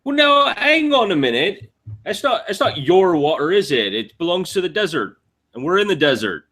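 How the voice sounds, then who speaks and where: Man playing a naive young wanderer, earnest, stammering, chatty, high bouncy voice. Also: big pitch swings, normal speed, fairly bright tone, full character voice. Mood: cheeky.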